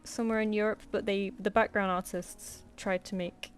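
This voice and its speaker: A woman's voice: medium pitch, steady tone, moderate pace, a little hiss or hum. A woman chatting casually with viewers while she draws on a live stream, rambling and laughing easily. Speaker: streaming artist. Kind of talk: casual chat while drawing.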